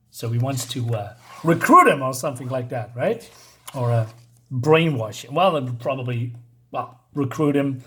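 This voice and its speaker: A man's voice: on the high side, normal speed. A man casually reviewing a comic book, reading the dialogue aloud in loose voices and laughing often.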